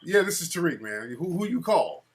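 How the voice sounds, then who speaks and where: A man's voice: a little high, sing-song, normal speed. A man hosting a casual live-stream call-in show, talking loosely and mocking callers. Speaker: host.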